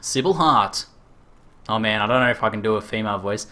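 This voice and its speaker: A man's voice: on the low side, expressive, a little fast, sharp tone, slight background noise. A man casually commenting on his live gameplay, laid-back and chuckling as he chats with viewers. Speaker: streamer.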